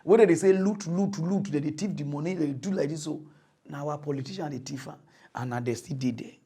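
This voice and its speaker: A man speaking Nigerian Pidgin English, hosting a satirical mock news show in an animated rant that swings from mutters to loud outbursts. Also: a little high, a little fast, slightly rough. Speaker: comedy news host.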